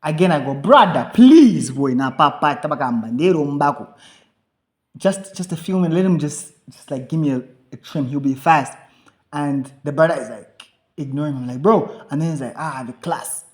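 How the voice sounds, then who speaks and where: A man telling a rambling, animated story on a podcast, swearing freely and acting out the lines of the people in it. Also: fairly high pitch, a little fast. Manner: animated, swearing, acts out quoted dialogue. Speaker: podcast co-host. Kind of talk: casual storytelling chat.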